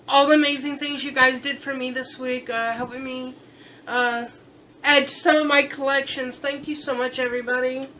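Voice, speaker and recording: A woman's voice: high-pitched, pushed and bright, a little hiss or hum, rough recording. A tipsy woman chatting casually as she shows off a haul, gushing and thinking aloud with fillers and restarts. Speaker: vlogger showing a haul. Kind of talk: casual vlog chat.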